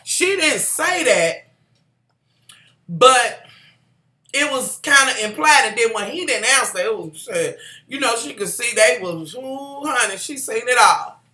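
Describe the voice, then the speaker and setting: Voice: mid-range voice, animated, unhurried, pushed and bright, roomy sound. A vlogger recapping a TV drama in casual chat, sassy and profane, calling viewers y'all and honey.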